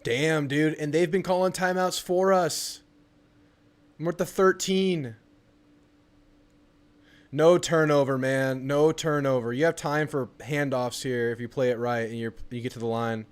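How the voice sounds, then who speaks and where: A young man hosting a live football watch party, reacting excitedly and ranting with frustration. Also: a little high, a little slow, smooth. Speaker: sports channel host.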